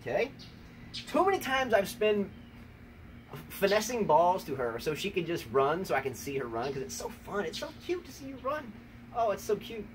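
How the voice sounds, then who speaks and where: A man's voice: high-pitched, sing-song, normal speed. An American man hosting a tennis talk show, playfully trash-talking his wife in a rambling, teasing way. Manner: teasing, rambling, repeats "number one, okay?". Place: outdoors on a rainy day. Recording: distant mic with faint ambient noise.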